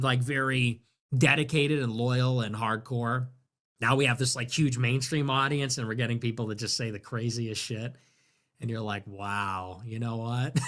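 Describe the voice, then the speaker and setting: A man hosting a livestream, rambling sarcastically, laughing often, swearing and dropping into low mutters. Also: fairly bright tone. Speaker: livestream host. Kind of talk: casual livestream commentary.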